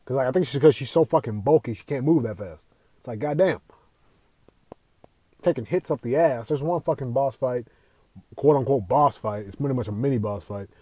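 A young man hosting a casual gaming podcast, talking in an excitable, profane, rambling way. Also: medium pitch, fairly quick, pauses often, husky, no echo. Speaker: podcast host.

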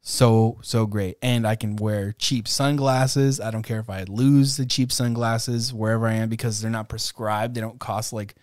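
A man's voice: on the low side, fairly even intonation, moderate pace, hardly any pauses, a little mellow, dry recording, studio quality. A man co-hosting a casual podcast, talking in a laid-back, self-deprecating way and laughing often. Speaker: podcast co-host.

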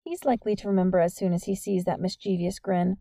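A woman reading the part of a blunt, skeptical teenage girl with a brisk, dismissive way of talking. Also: medium pitch, steady tone, gravelly, warm tone, no room sound, clean studio sound.

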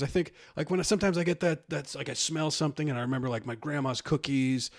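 A man's voice: a little high, fairly even intonation, fast talker. A man co-hosting a comedy podcast, talking in a rambling, casual way and laughing often. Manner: rambling, laughs often, quotes people in put-on voices. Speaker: podcast co-host.

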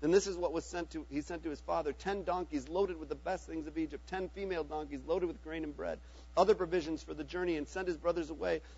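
Male scripture reader with a high voice, steady and earnest. Dull, lo-fi audio. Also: fast talker, husky. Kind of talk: Bible reading.

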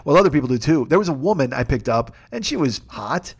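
A man's voice: mid-range voice, sing-song, fast, slightly rough. A man hosting his own show in a casual comic monologue, rambling and profane with a wry tone. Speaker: podcast host.

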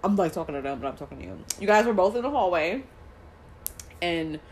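A woman co-hosting a podcast, telling a story in casual chat, animated and swearing, acting out quoted lines. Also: lowish voice, a little fast, over a noisy crowd. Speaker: podcast co-host.

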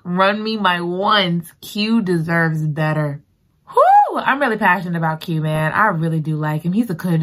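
A woman recapping a book in a casual, expressive way, exclaiming and reacting emotionally as she talks. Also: fairly low pitch, moderate pace. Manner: expressive and emotional, exclaiming and talking back to the story. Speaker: book reviewer.

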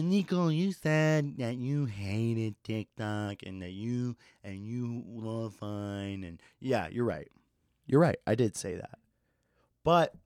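A man's voice: fairly low pitch, darkish tone, no room sound, studio quality. A man in his twenties hosting a casual solo podcast, laid-back, swearing freely and laughing at his own stories. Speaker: podcast host.

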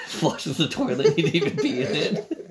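A man's voice: fairly high pitch, a bit bright, slight background noise. A man co-hosting a casual podcast chat, retelling scenes in a rambling, profane way with many restarts. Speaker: podcast co-host.

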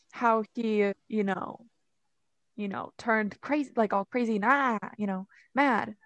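A woman's voice: medium pitch, no echo. A young woman casually retelling a story on a podcast, chatty and full of "like" and "you know.". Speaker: podcast co-host.

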